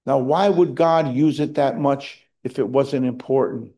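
Slow, mellow-voiced pastor preaching. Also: male voice, medium pitch. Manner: slow, earnest preaching with emphatic rises on quoted verses. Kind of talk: sermon.

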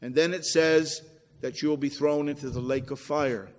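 Male pastor, sermon delivery, high-pitched, emphatic then hushed, church hall echo. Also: steady tone, normal speed. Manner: preachy, rising to emphatic then dropping low. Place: church sanctuary.

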